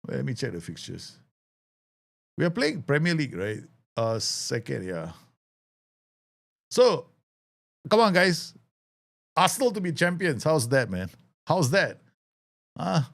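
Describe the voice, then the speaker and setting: Animated gravelly streamer with lilt. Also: male voice, fairly high pitch, unhurried, long pauses. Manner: chatty, laughs often, excitable outbursts. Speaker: gaming streamer. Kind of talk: casual live game commentary.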